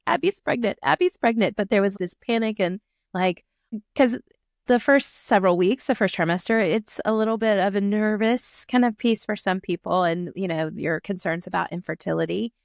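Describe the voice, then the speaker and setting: A woman's voice: medium pitch, moderate pace, vocal fry, no room sound. A woman hosting a podcast, asking questions in an encouraging, conversational way on a close mic. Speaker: podcast host. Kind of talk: conversational interview.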